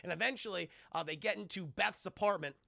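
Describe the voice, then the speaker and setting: A man streaming a casual, profane movie recap to his chat, animated and acting out the characters' lines. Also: high voice, brisk, creaky, no room sound, clean studio sound. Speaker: streamer and film reviewer.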